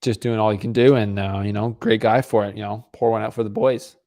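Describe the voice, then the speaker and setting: A man hosts a live watch-along stream with a low, gravelly voice. His commentary is casual and rambling. He drifts between play-by-play and chatting with viewers. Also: steady tone, a little fast, mellow. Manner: casual, rambling, talks to chat. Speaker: stream host. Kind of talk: live match commentary and chat.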